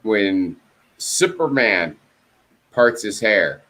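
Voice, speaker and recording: A man's voice: fairly low pitch, very animated, drawn-out words, a bit bright. A man in a casual video-call chat, telling a story with lots of swearing and acting out both sides of phone calls. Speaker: co-host.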